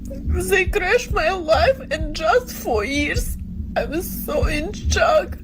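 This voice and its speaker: Slow, tearful woman over loud music. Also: very high-pitched, poor audio. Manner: slow, broken English, grief-stricken. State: crying. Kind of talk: emotional testimony.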